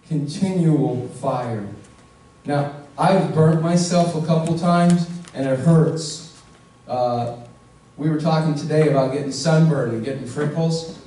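A male pastor delivers a slow, earnest sermon, stretching out the words he wants to land and putting questions straight to his listeners. His voice sits a little high for a man and has a mellow, soft-edged tone. He is heard from a distance in a very echoey church. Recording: echoey room, voice from far off.

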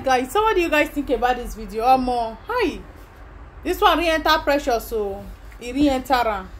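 A woman's voice: high voice, slight background noise. A Nigerian woman hosting her channel, chatting casually about a video she watched and slipping pidgin phrases into her talk. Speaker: channel host. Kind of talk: casual reaction commentary.

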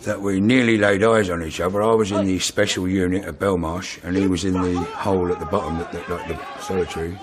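Deep-voiced ex-con telling a prison story with a laugh. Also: male voice, steady tone, a little fast, few pauses, a crowd in the background. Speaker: former prisoner. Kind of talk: anecdote in interview.

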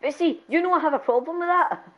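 A woman on a gaming stream, talking in an excitable rush, laughing a lot and bursting into loud exclamations. Her voice sits a touch high. The mic sounds slightly dull and lo-fi. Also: fast. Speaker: game streamer. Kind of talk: casual gameplay chat.

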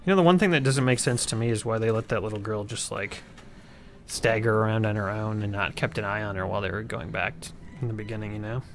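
A man's voice: fairly low pitch, quick pace, slight background noise. Wisecracking man co-hosting a game stream. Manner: crude, wisecracking, plugs viewer offers. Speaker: let's-play co-host. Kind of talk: casual gaming chat.

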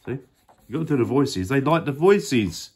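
A man's voice: mid-range voice, expressive, moderate pace, darkish tone, slightly rough. A man co-reading a children's picture book aloud, teasing and bossing his reading partner in playful banter. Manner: teasing, bossy, joking.

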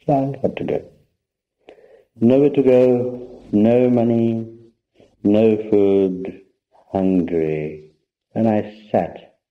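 A man's voice: on the low side, steady tone, drawn-out words, long pauses. An older man from India, a spiritual teacher, tells a personal story to an audience in a conversational, anecdotal way. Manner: anecdotal, conversational, addresses listeners directly. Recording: muffled lo-fi talk recording.

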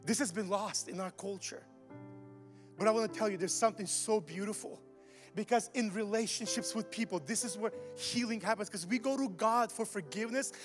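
Animated high-voiced male preacher. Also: fairly quick, in a large hall, music in the background. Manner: animated, swings from soft to shouting. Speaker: pastor. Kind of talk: sermon. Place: church sanctuary.

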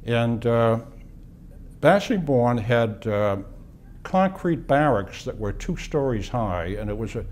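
Mellow-voiced man in his eighties reminiscing. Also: mid-range voice, sing-song. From Boston, USA. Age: 80s. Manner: unhurried reminiscing with pauses and restarts. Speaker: interviewee, war veteran. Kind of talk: oral history interview.

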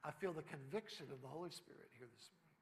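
Male pastor with a high voice, emphatic and conversational, in a church with long reverb. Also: quick pace. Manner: emphatic, conversational preaching with rising bursts. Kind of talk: sermon. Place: church sanctuary.

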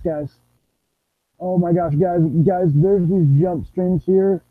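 A man's voice: high voice, fairly even intonation, takes it slowly, dry recording. A young man giving rambling, playful commentary while streaming a game. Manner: rambling, playful, sings nonsense sounds. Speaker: gameplay streamer. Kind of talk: casual gameplay commentary. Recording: tinny lo-fi dry mic.

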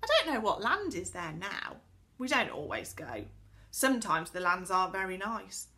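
A confident young boy who enjoys his friend's surprise, as a woman reads him. He sounds knowing and teasing, with a lively, bright voice. This is a storybook voice. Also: mid-range voice, normal speed.

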